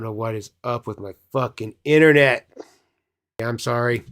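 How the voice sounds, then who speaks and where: A man's voice: medium pitch, normal speed, a bit bright. A man on a live stream reacts to a video with crude, angry mockery. His voice sits in a middle register.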